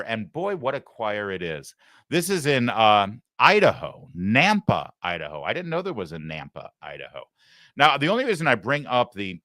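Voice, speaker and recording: A man hosting a talk show, giving sarcastic, mocking commentary in an animated way. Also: mid-range voice, no echo, studio quality. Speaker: host.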